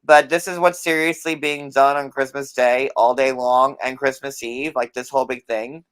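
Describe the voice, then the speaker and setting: A woman's voice: a bass voice, fairly even intonation, moderate pace, clean tone. Exasperated woman host ranting. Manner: exasperated, blunt, swears. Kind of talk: casual commentary chat.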